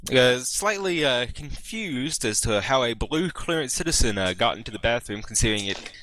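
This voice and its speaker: A man's voice: medium pitch, expressive, normal speed, bright, forceful tone, no room sound. A man narrating as game master of a tabletop game, hesitant and full of fillers, often chuckling.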